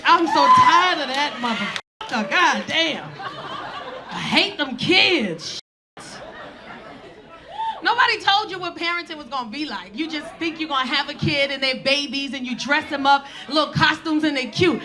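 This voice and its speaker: A stand-up comedian, telling a loud, profane story on stage with punchy delivery. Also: female voice, sits high. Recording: noisy live club recording. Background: audience laughter.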